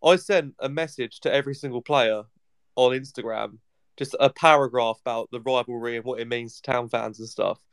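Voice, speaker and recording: A man chatting as co-host on a football podcast, his voice smooth and clear. He is recorded close and dry, and he throws in dry, joking asides. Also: mid-range voice, steady tone, fairly quick, no echo. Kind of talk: casual chat.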